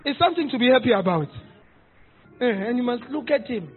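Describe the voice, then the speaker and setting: High-voiced pastor, tinny sound. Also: male voice, fairly quick, faint music behind. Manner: animated and humorous, shouting for emphasis. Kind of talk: sermon.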